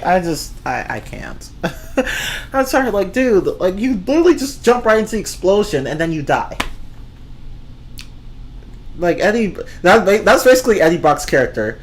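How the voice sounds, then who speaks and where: A streamer with a mid-range, sing-song voice rants casually about movies at a measured pace, rambling, swearing and often breaking into laughter. A little hiss or hum sits in the background.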